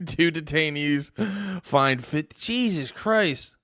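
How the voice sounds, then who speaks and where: A man hosting a livestream, reacting aloud in a loose, sarcastic way with plenty of swearing. His voice is smooth and clear. The sound is close and dry. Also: fairly high pitch, expressive, slow pace, a bit bright, no room sound. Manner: profane, laughing, sarcastic asides. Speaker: streamer host. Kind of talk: casual livestream commentary.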